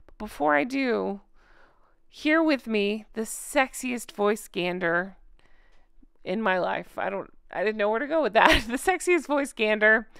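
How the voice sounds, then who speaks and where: Giggly, bright-voiced woman host. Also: a little high, lively intonation, a little slow, creaky, clear, resonant tone, no echo, studio quality. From United States. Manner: chatty, giggly, sarcastic. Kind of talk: casual video chat.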